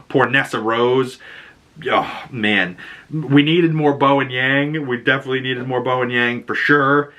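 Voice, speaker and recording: A man talks through a film review with no script, rambling from point to point and swearing freely. His voice sits at an ordinary pitch but has a bright, sharp edge. He laughs often and bursts into loud exclamations. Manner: animated, shifts into loud exclamations. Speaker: movie reviewer. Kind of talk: casual unscripted film review.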